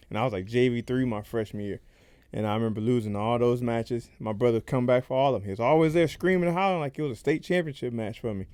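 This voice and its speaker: A man's voice: medium pitch, a little mellow, smooth, no echo. A man, a professional fighter, speaking as a podcast guest and telling his own stories candidly and conversationally into a close mic. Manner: candid, rapid, conversational storytelling. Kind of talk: casual podcast storytelling.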